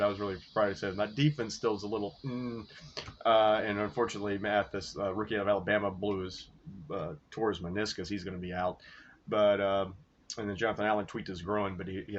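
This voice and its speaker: A man hosting a sports podcast, rambling through game results and his bets in a casual, profane, excitable way. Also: lowish voice. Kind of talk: casual sports recap and betting talk. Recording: dull lo-fi recording with faint noise.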